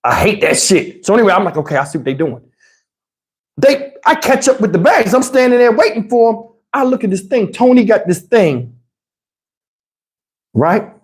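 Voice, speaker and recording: A middle-aged man tells a profane, animated story to his livestream chat. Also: normal speed. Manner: animated, profane, swings into high voices to mimic others. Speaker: livestream host.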